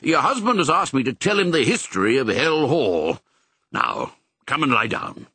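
A man reading a storybook, voicing a brisk, fatherly old male sheepdog who is a colonel. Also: mid-range voice, wildly swooping pitch, vocal fry, bright, forceful tone, breathy edge, no echo, heavily acted. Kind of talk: audiobook character voice.

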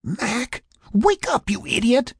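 A man doing a shrill, furious young woman. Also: wildly swooping pitch, drawn-out words, mellow, husky, dry recording, clean studio sound, full character voice. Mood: mortified, scolding. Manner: shrill, scolding.

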